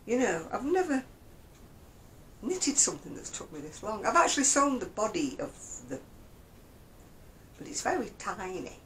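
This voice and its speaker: A woman's voice: mid-range voice, sing-song, normal speed, long pauses, a bit bright, a little hiss or hum, low-quality recording. An older woman chatting casually about her knitting in a rambling, self-deprecating way. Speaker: craft vlogger. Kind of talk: casual knitting chat to camera.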